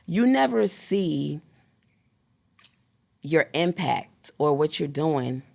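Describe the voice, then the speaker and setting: A woman in her thirties, a guest in an interview, talking in a rambling, animated way and acting out quoted dialogue. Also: sits low, extremely slow, gravelly. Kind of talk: casual interview storytelling.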